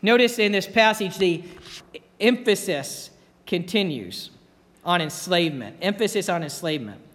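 A man's voice: high-pitched, animated, moderate pace, a bit bright, big-room sound. A man preaching a sermon as pastor, earnest and repeating key phrases for emphasis.

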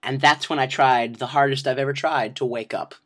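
A man hosting a podcast, telling a comic personal story in a profane, self-mocking and animated way. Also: mid-range voice, fairly quick. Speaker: podcast host.

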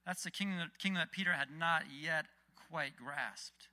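A man giving a casual, conversational sermon with Bible readings and lively retellings. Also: fairly high pitch, measured pace. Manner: conversational, animated, frequent restarts. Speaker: preacher.

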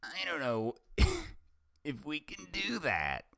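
A man voicing an excitable young cartoon woman, with shrill, eager exclaiming, while reading fan fiction. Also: takes it slowly, vocal fry, heavily acted. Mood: excited.

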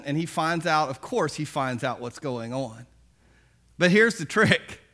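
A preacher telling a parable to his congregation in a relaxed, folksy way, chuckling as he goes. His voice rides high for a man, bright and forward. The delivery feels like a conversation. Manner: casual, folksy storytelling with chuckles. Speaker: pastor. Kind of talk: sermon.

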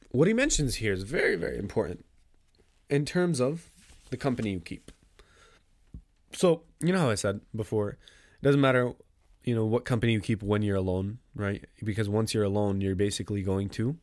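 A man hosting a podcast, explaining a poem in a casual lesson. He talks conversationally, asks himself rhetorical questions, restarts often, and recites verse in quick bursts. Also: fairly low pitch, darkish tone, no echo, clean studio sound. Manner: recites Arabic verse rapidly.

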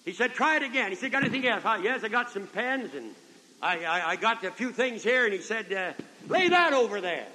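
A man's voice: high-pitched, sing-song, a little fast, pushed and bright. An older man preaching a revival sermon, telling a folksy story and calling out amen and brethren, in a 1970s convention hall recording.

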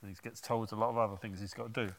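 A man preaching a sermon, retelling a Bible story in an animated way with conversational asides. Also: fairly low pitch, racing, big-room sound, slight background noise.

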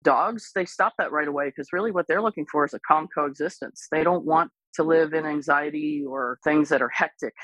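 A woman dog trainer speaking as an interview guest, explaining patiently and calmly, with lively bursts when she imitates other people. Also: deep voice, a little fast, few pauses, no echo, poor audio. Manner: calm, explains patiently, animated when imitating excited owners. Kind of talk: casual explanatory interview talk.

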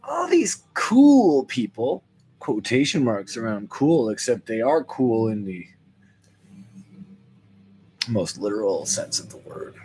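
A man's voice: lowish voice, a little slow, long pauses, a little hiss or hum. An older man hosting a podcast, telling a rambling, wry comic monologue to his listeners. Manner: rambling, wry, animated swings into quoted voices. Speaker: podcast host. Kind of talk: solo comedic monologue.

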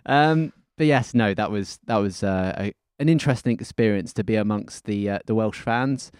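A man's voice: on the low side, moderate pace, darkish tone, clear, resonant tone, no room sound, studio quality. Easygoing man co-hosting a podcast. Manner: easygoing, self-deprecating, laughs often. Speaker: podcast co-host. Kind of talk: casual football podcast chat.

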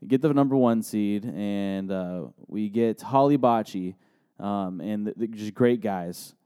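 A man with a low, mellow and smooth voice chats on a podcast, telling stories full of fillers and frequent laughter. He sounds relaxed and easygoing. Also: slow, dry recording, clean studio sound. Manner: laughs often while telling anecdotes, many fillers. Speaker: podcast co-host. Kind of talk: casual chat.

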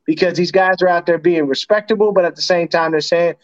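A man co-hosting a casual sports podcast chat, animated and profane, with frequent laughter. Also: high voice, a little fast. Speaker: podcast co-host. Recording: dull lo-fi sound.

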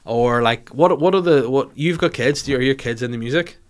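A man's voice: mid-range voice, moderate pace. A young man hosting a comedy podcast, chatting in a rambling, sweary, mocking way. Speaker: podcast host. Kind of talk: casual comedic podcast chat.

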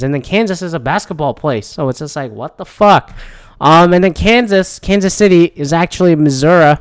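A man's voice: on the high side, normal speed, smooth, no echo. A man rambling casually and profanely about his travels, with frequent restarts and asides.

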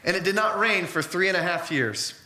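A man's voice: high-pitched, lively intonation, fairly quick, pushed and bright, roomy sound. A man preaching a sermon in an earnest, conversational way, mixing in personal stories.

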